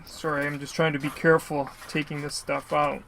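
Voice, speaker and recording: A man's voice: a little high, level tone, a little fast, vocal fry, fairly bright tone, a little hiss or hum. A man casually narrating an unboxing of mail he received, rambling and apologizing often. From Canada. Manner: rambling, apologetic, lots of filler. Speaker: YouTuber opening mail.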